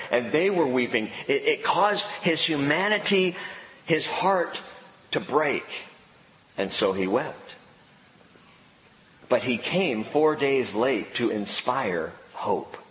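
A man preaching a sermon in an emphatic way, with dramatic pauses and sudden drops to a hushed voice. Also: medium pitch. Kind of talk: expository sermon. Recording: echoey hall with long reverb, faint background noise.

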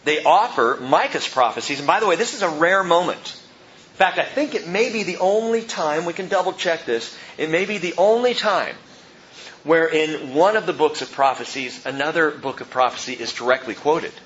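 A man preaching a sermon as pastor, swinging between loud emphatic peaks and quiet low asides. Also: muffled recording, slight background noise. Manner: animated preaching, rising and dropping sharply for emphasis.

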